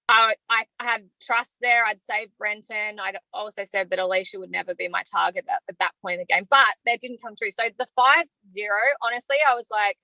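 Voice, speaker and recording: A woman's voice: mid-range voice, sharp tone, no echo, low-quality recording. An Australian woman answering interview questions openly and from the heart, talking freely about how she feels. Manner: open and heartfelt, talks freely about feelings. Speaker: evicted reality show contestant.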